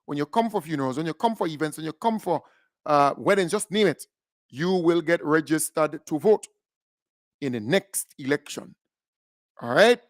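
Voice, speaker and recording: A middle-aged Grenadian radio host talks in a somewhat high voice, recorded dry and close. He repeats himself, laughs a lot and jumps from loud bursts to quiet asides. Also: dry recording. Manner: animated, repetitive, laughs often, swings from loud to quiet. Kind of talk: call-in radio talk.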